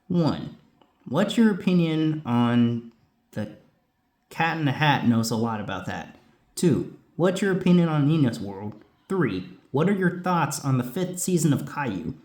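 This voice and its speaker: A man casually chatting as a host answering viewer questions, rambling with lots of asides. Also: medium pitch. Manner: lively, rambling, many asides. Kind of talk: casual chat. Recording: roomy echo.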